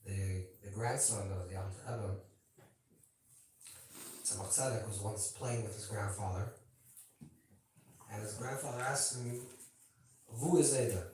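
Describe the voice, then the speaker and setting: A man's voice: fairly low pitch, measured pace, long pauses, a little hiss or hum. A man, a rabbi, giving an informal teaching talk to a gathering. He talks conversationally, keeps checking that listeners follow, and adds playful asides to the audience. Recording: very echoey room, voice from a distance.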